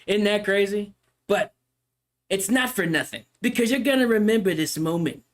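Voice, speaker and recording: Male streamer, animated and mock-solemn into his mic, slightly high voice. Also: normal speed. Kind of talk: casual livestream chat. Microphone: microphone.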